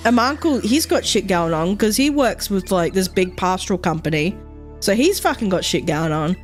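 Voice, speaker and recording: A woman's voice: mid-range voice, lively intonation, moderate pace, soft background music. A woman streaming, chatting casually and rambling with many fillers and frequent swearing.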